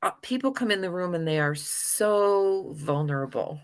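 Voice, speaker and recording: A woman's voice: on the low side, lively intonation, moderate pace. A woman talking casually on a podcast, emphatic and repetitive, with frequent "like" and "right?". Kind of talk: casual conversation.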